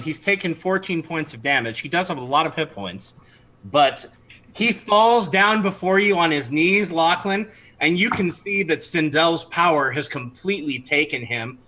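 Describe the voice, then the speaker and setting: A man's voice: fairly high pitch, expressive, moderate pace, pushed and bright, low-quality recording. A man narrating a tabletop game as game master, chatty, with frequent restarts. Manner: chatty, with many restarts and fillers.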